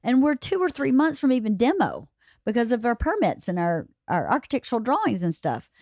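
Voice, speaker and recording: A woman's voice: on the high side, sing-song, brisk, darkish tone, no echo, studio quality. Practical woman host talking things through. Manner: practical, reassuring, explains things plainly. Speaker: podcast host. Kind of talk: casual family conversation. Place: home, late night.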